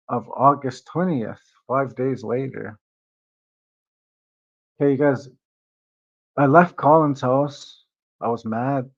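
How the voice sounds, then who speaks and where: A man with a mid-range voice, heard through dull audio, tells a rambling personal story on his vlog channel. He swears freely and leans heavily on fillers.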